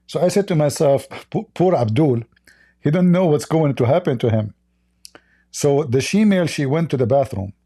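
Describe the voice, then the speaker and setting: A man's voice: fairly high pitch, lively intonation, moderate pace, mellow, slightly rough. A man, telling rambling anecdotes on a livestream with many fillers and laughs. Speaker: livestream host. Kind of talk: casual storytelling on a livestream.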